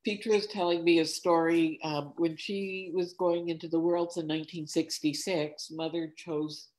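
A woman recalling stories about her mother in a relaxed, rambling way over a video call. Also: fairly low pitch, normal speed, poor audio. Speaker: daughter of the coach. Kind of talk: casual storytelling.

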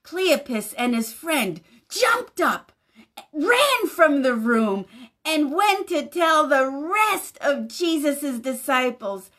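A woman pastor reads a picture book aloud to young children, her voice bright and high. She takes it unhurriedly, with a gentle, animated lilt, pausing to ask the little ones questions. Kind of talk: children's story time reading.

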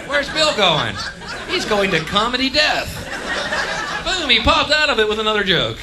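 A man's voice: sits high, animated, fast, a loud crowd, heavy background noise, voice pushed up. A comedian voicing a skeptical audience member who gives mocking, sing-song play-by-play of his act.

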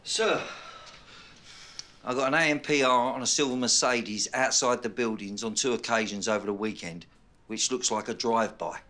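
An actor playing a police officer who reports in a brisk, clipped way. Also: male voice, medium pitch, pushed and bright, natural voice. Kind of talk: film acting.

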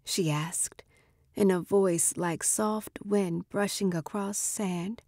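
A woman narrating a short story in a measured, expressive reading. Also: mid-range voice, no echo, clean studio sound.

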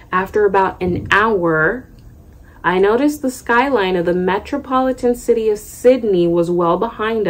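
A young woman reading a memoir aloud at home, breaking off for chatty asides. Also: on the low side. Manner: chatty, loose asides between read passages. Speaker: book reader and vlogger. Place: home room.

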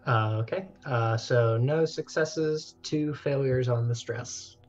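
A man playing a tabletop game, talking hesitantly and filling pauses with "like" and "um". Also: medium pitch, lo-fi sound. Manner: hesitant, full of "like" and "um". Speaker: player. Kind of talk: casual tabletop game play.

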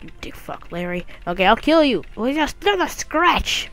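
A woman's voice: a little high, sing-song, moderate pace, a bit bright. Goofy crude woman gaming. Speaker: gamer. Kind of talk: casual let's play commentary.

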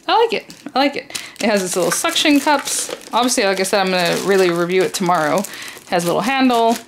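A crafting YouTuber with a medium-pitched voice chats casually while unboxing craft supplies. She rambles enthusiastically with lots of fillers, and there's background noise in the clip.

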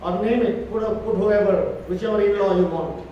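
Male preacher, high-pitched, emphatic and repetitive, recorded far off in an echoing church. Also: fairly even intonation, normal speed, warm tone, muffled recording, a little hiss or hum. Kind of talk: church sermon. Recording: echoey church hall from far off.

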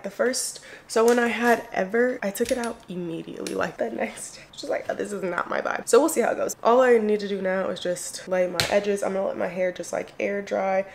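A woman's voice: mid-range voice, steady tone, a little fast, vocal fry, few pauses, very noisy. A young woman chatting casually to the camera as a beauty vlogger, loose and slangy, full of "like" and "y'all". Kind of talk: casual get-ready-with-me chat.

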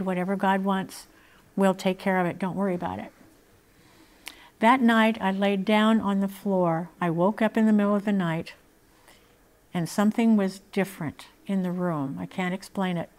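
Older woman telling her testimony. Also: medium pitch. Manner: earnest, emotional, laughs between lines. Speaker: speaker sharing her testimony. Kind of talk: personal testimony storytelling.

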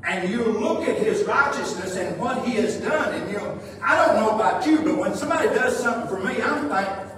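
High-voiced man preaching in an echoey hall. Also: expressive, fairly quick, a bit bright, a little hiss or hum. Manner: emphatic preaching, acts out quoted voices, reads scripture aloud. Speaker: pastor. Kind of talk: sermon. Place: church sanctuary. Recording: echoey hall, heard from a distance.

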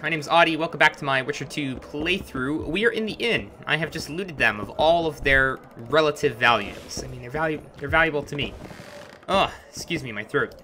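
A man's voice: on the high side, brisk, hardly any pauses, pushed and bright, a little hiss or hum. A man hosting a let's play, chatting wryly over gameplay while getting over a chest cold. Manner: chatty, wry. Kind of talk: casual gameplay commentary. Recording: voice over game music.

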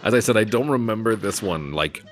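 A man with a lowish, animated voice talks a little fast as a let's play commentator. His gameplay commentary is casual, full of swearing and jokes at his own expense.

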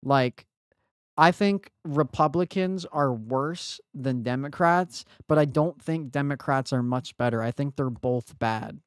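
A man's voice: medium pitch, unhurried, clear, resonant tone, dry recording, clean studio sound. A young man streaming a game, chatting casually and answering his chat. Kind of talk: casual live-stream chat while gaming.

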